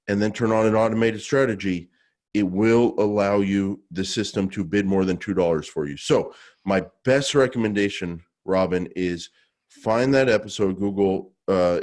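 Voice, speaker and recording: Jokey low-voiced male podcast host. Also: darkish tone. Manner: jokey, self-assured, loose restarts. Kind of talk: casual podcast chat.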